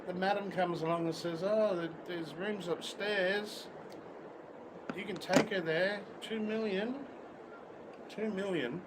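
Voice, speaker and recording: Crude, swearing Australian man outdoors. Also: a little high. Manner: crude, blunt, swears constantly. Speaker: livestream host. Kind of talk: casual unfiltered livestream chat. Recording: outdoor street noise with traffic.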